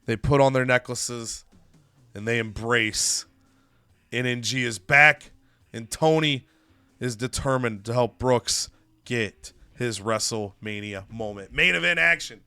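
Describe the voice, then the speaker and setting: A man's voice: mid-range voice, measured pace, pushed and bright, smooth, no room sound. A man narrating a wrestling management game story with dramatic, commentary-style delivery.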